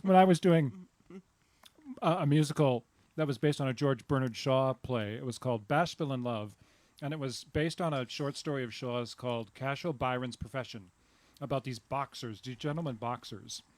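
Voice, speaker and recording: A man co-hosting a live outdoor show from a theater patio, telling meandering anecdotes in a relaxed chat. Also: medium pitch, normal speed, dry recording. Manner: chatty storyteller with meandering anecdotes. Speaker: co-host. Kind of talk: casual chat.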